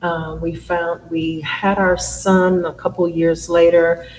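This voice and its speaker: A woman with a low voice speaks slowly and evenly as an interview guest, telling her story with frequent "um" pauses. A faint room hum sits behind her. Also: little pitch movement, a little mellow, poor audio. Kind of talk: conversational interview.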